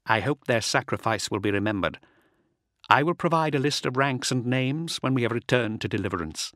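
A man voicing a grave, quiet male officer in an audiobook, speaking formally. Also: mid-range voice, brisk, no echo, studio quality, close to an everyday voice. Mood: solemn.

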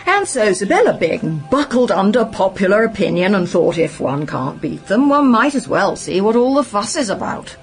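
A woman narrating a story in the first person, crisp and wry. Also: fairly low pitch, very animated, measured pace, soft background music, poor audio. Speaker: audiobook narrator.

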